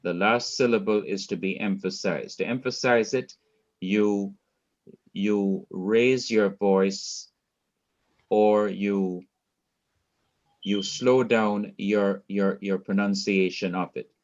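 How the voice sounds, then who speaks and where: Slow, deliberate Jamaican male teacher. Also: on the low side, steady tone. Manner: slow, deliberate, repeats key words and quizzes students. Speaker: Hebrew teacher. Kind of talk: online Bible language lesson. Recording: dull lo-fi sound.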